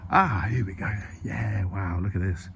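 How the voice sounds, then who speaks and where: A man's voice: low voice, moderate pace, creaky, a bit bright, a little hiss or hum. A man filming a casual walking vlog on a hilltop, out of breath, chatty and rambling, poking fun at himself. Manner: chatty, rambling, self-mocking. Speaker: vlogger exploring a historic site. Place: outdoors on a hilltop by a graveyard. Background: birdsong.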